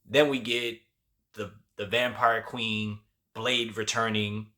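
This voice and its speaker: A man's voice: on the low side, level tone, slow, bright, forceful tone. A man giving a casual spoken review of a TV show, loose and chatty with lots of slang and fillers.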